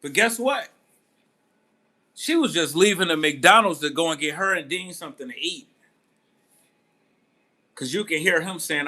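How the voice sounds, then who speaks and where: A man with a bright, forceful, slightly high voice holds forth in relaxed commentary for his boxing channel. He tells the story loosely and acts out other people's words. The delivery stays casual, with easy laughs. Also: unhurried, pauses often. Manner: animated storytelling, acting out quotes; laid-back, laughing.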